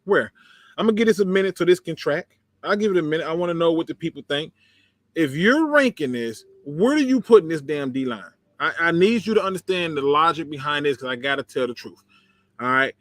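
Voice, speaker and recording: Animated man hosting a sports livestream. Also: on the high side, a little fast, no room sound. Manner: animated, sarcastic, laughs often, talks to chat. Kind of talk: casual livestream commentary, reading chat.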